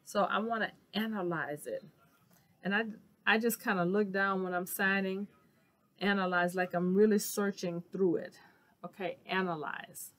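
A woman teaching sign language vocabulary in a casual, chatty way, with fillers, repeating each word slowly. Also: medium pitch, fairly even intonation. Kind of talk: casual instructional video.

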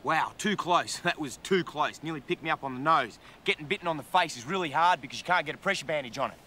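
A man with an Australian accent presenting wildlife outdoors, excitable and full of quick exclamations. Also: a little high. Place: outdoors in the bush. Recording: noisy outdoor field recording.

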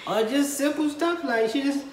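Young New Orleans woman, animated casual chat, echoey room with faint hiss. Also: sits high, moderate pace. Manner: animated, laughing, acts out quotes. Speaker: co-host. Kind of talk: casual chat explaining slang.

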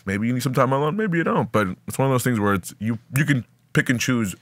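A man's voice: medium pitch, lively intonation, fast, no room sound, studio quality. A man telling a story in casual chat, swearing a lot and acting out his own reactions. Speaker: podcast guest.

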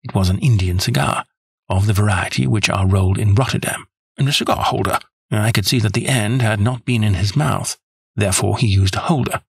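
A man narrating a classic story in the first person, in an even, measured way. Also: fairly low pitch, creaky, breathy edge, no echo, clean studio sound. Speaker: audiobook narrator.

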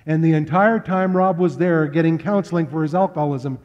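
Pastor guy telling stories in a sermon, chatty, kinda high mellow voice, big echoey hall. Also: fairly quick. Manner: conversational, anecdotal storyteller. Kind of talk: storytelling sermon. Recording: dull lo-fi sound with long hall reverb.

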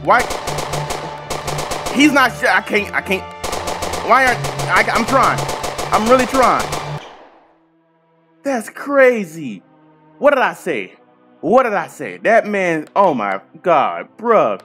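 A man playing a horror game and commenting as he goes, bantering with the characters and yelling loudly when scared. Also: sits high, slow, long pauses, soft background music. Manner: loud excited reactions, slangy banter with game characters. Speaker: gaming streamer.

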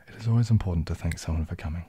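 A man hosts a relaxed late-night ASMR livestream, chatting softly, reading viewers' questions aloud, rambling and sometimes slipping into a whisper. His voice sits low, and there's background noise.

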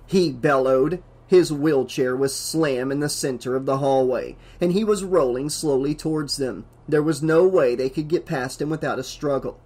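A man's voice: fairly high pitch, normal speed, few pauses, a little mellow, soft background music. A man reading a horror novel aloud as an audiobook narrator, with dramatic emphasis.

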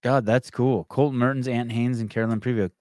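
A man's voice: mid-range voice, steady tone, a little fast, darkish tone, no echo, studio quality. A man hosting a podcast in casual chat, rambling and swearing often, with many restarts. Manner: rambling and profane, with frequent restarts. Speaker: podcast host.

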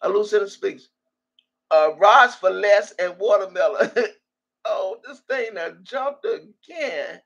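An older woman in her sixties, talking through a laid-back livestream. Her voice is gravelly and husky, with a rough, breathy edge. She reads comments aloud in a salty, easygoing way and laughs often. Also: mid-range voice, animated, slow, muffled recording. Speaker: livestream host reading viewer comments. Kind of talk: casual livestream chat.

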